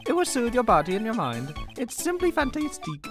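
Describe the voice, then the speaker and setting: A man's voice: extremely high pitch, wildly swooping pitch, a little fast, music in the background, pitched above the performer's own voice, heavily acted. A man voicing a flamboyant male French restaurant owner in a put-on mock French accent, gushing and theatrical. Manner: theatrical, gushing, sing-song.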